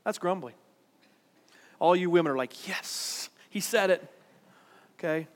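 Bright high-voiced male preacher in a hall. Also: moderate pace. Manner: conversational preaching, rising to emphatic. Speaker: pastor. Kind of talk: sermon. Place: church worship center.

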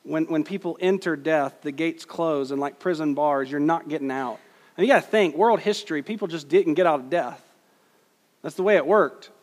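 A male pastor delivers an earnest sermon, leaning hard on key phrases and slowing for quotes. His voice sits a little high for a man. A long hall reverb trails each line. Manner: earnest, emphatic preaching with slow stressed quotes.

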